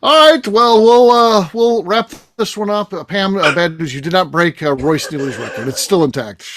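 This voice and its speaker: A man's voice: high voice, normal speed, background noise. A man hosting a casual roundtable podcast, upbeat and chatty as he wraps up the show. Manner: upbeat, lively show host wrapping up. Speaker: podcast host.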